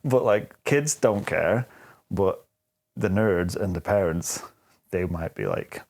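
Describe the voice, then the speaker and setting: A man's voice: low-pitched, slow, gravelly. A man from the United Kingdom co-hosting a casual film podcast, joking and laughing often. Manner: laughs often, animated, jokey asides. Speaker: podcast co-host.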